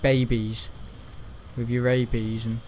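A young man, apparently a gaming YouTuber, rambles casually through let's-play commentary, meandering and chatty, swearing mildly and often restarting his sentences. His medium-pitched voice is flat, slow and somewhat dark, with slight background noise.

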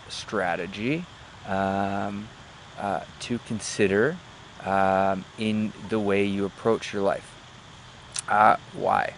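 A man with a lowish voice gives a motivational talk, halting often with fillers as he searches for words. He leans on jokes and stories to make his points, with a faint hum of background noise. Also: fairly bright tone. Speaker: motivational speaker.

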